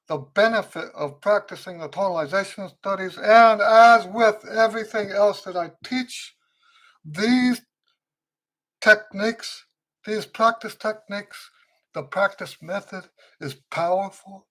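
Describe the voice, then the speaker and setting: A man teaching trumpet on a live-stream Q&A, tired and weak with a fading voice, speaking slowly and repeating his key points for emphasis. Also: high-pitched, fairly bright tone.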